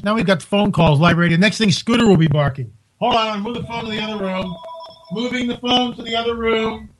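A man hosting a call-in radio show, talking in an incredulous, exclaiming way with quick asides, from home. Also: high voice, fairly bright tone, dry recording, poor audio. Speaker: radio talk show host.

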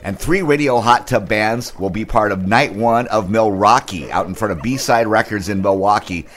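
A man's voice: lowish voice, normal speed, fairly bright tone. A man hosting a radio show, reading out a concert calendar in an upbeat, playful way. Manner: upbeat, playful listing of band names. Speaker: radio host.

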